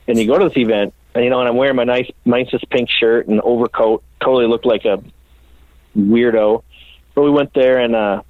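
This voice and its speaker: A man from the Minneapolis area who builds custom bikes recounts stories in an interview, casual, profane, and self-deprecating. His voice is mid-range, and the dry, phone-like recording has no echo.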